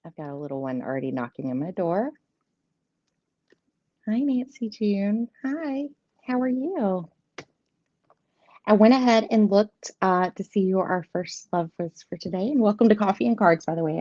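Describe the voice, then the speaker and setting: A woman's voice: medium pitch, lively intonation, moderate pace, pauses often, dark tone, dry recording. A woman in her thirties or forties hosting a live tarot stream from home, chatting casually and laughing often. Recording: dull lo-fi stream audio.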